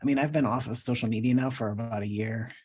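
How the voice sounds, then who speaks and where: A man speaking as an interview guest in a casual conversation, thoughtful and pausing to search for words. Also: medium pitch, steady tone, a little mellow, breathy edge. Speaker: guest, professor and cartoonist.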